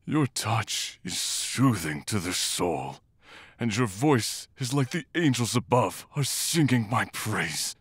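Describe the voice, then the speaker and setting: A man voicing a gentle, tearful demon-hunting monk in a romantic character audio role-play, talking in a shy, halting, emotional way. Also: lowish voice, sing-song, no room sound, studio quality, heavily acted. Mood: tender. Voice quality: soft, husky, slow and tender.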